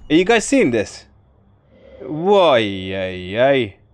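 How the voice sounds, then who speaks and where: Excitable man reacting, lively pitch. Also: drawn-out words. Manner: excitable, rambling, exclaims often. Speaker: reaction video host. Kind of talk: casual reaction commentary.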